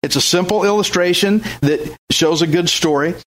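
A man with a high-pitched voice preaches a sermon, emphatic and exhorting. He drives his points home with rhetorical questions. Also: moderate pace. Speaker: pastor.

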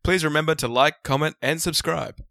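Blunt, bright-voiced Australian man. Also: on the high side, brisk, vocal fry, no echo, clean studio sound. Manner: blunt, jokey, swears freely. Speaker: podcast co-host. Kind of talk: casual chat.

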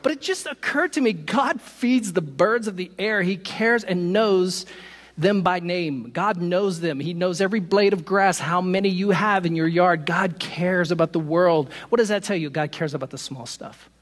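A man preaching a sermon to his congregation, animated and quick to poke fun at himself with laughing asides. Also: high-pitched, big-room sound. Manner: animated, self-deprecating humor, laughs at own stories. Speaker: pastor. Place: church sanctuary.

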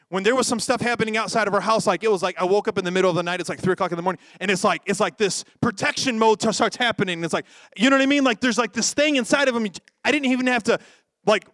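High-voiced joking male preacher. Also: no room sound, clean studio sound. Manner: lively, joking, acts out quoted voices. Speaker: pastor. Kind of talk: sermon.

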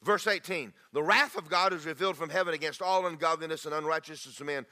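A man's voice: fairly high pitch, quick pace, bright, forceful tone. A middle-aged man preaching a sermon. He tells folksy stories and rises into fervent prayer. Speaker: pastor.

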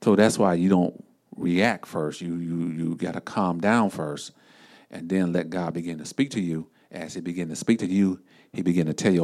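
Very deep-voiced man preaching encouragement. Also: moderate pace. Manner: relaxed, conversational, repeats phrases with many fillers. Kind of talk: encouraging sermon talk.

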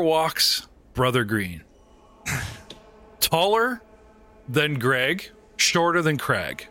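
A man narrating a tabletop game as game master, animated and joking, often breaking into laughs. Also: on the high side, very slow, pauses often.

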